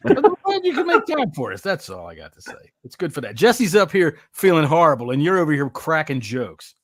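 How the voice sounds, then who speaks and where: A man's voice: fairly high pitch, huge pitch swings, a little fast, a bit bright, no echo. Male podcast host, teasing jokester, dry close sound. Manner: joking, teasing. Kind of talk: casual sports chat.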